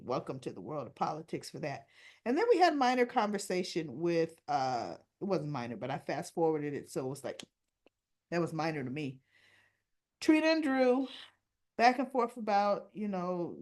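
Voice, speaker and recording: A woman's voice: mid-range voice, big pitch swings, normal speed. A woman talking through a daytime soap episode in a loose, conversational way. She voices each character's lines herself and keeps cutting in with blunt personal opinions. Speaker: soap opera recap host. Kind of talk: casual spoken recap.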